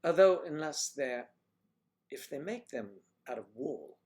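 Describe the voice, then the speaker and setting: A man's voice: a little high, lively intonation, unhurried, a little mellow. A man hosting a casual livestream, chatting and teasing as he greets his viewers by name one after another. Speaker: livestream host reading viewer chat.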